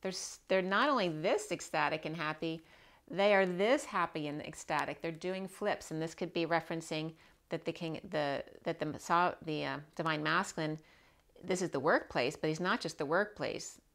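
Low-voiced woman giving a rambling tarot reading. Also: moderate pace, a bit bright. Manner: rambling, repeats herself, frequent "right?" check-ins. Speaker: tarot reader. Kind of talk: casual spiritual tarot reading.

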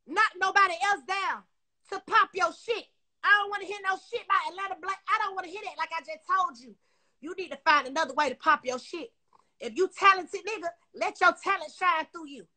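A woman with a very high, sharp, piercing voice goes off on a livestream in an angry rant. She is profane and confrontational, all fired up, and talks straight into her phone mic. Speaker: social media personality. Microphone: phone on a live stream.

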